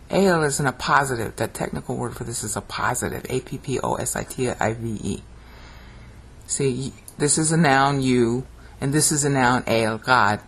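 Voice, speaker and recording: This medium-pitched voice has a breathy edge and a moderate pace. It's a Bible language teacher explaining slides word by word in a video lesson, regularly checking "okay?" and intoning ancient phrases with dramatic, rising emphasis.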